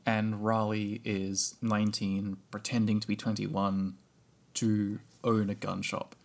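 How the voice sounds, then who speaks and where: A man co-hosting a casual podcast chat, easygoing and quick to laugh. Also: on the low side, level tone, creaky. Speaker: podcast co-host.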